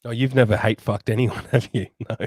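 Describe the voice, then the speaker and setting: A man's voice: medium pitch, fairly even intonation, brisk, a little mellow, breathy edge, dry recording. A middle-aged man co-hosting a podcast in crude, profane casual chat, laughing often. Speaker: podcast co-host.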